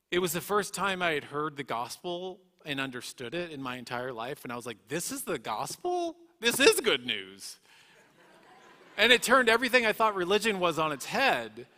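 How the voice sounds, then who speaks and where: A man's voice: a little high, lively intonation, brisk, pushed and bright. A man giving an earnest, emotional personal testimony, often restarting his sentences as he tells his story. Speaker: guest speaker. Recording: echoey hall reverb.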